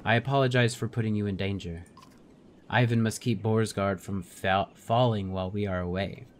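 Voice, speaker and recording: A man voicing a calm, wise mystic woman in a game, reading her lines in a slow, measured, solemn way. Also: fairly low pitch, slight background noise, close to an everyday voice. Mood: earnest.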